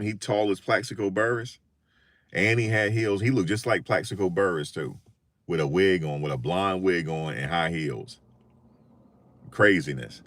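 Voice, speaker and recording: An older man telling funny stories in a casual, animated monologue, often repeating himself. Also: low-pitched, normal speed. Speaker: vlogger.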